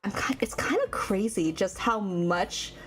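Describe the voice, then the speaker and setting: A woman's voice: mid-range voice, lively intonation, measured pace, slight background noise. A woman streamer chatting casually while drawing, rambling and reacting to her chat. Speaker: vtuber streamer.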